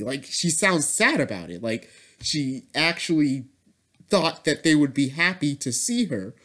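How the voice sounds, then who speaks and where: A man giving a casual, rambling spoken review of a superhero movie, swinging between loud excited outbursts and quiet, muttered asides. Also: on the high side, unhurried.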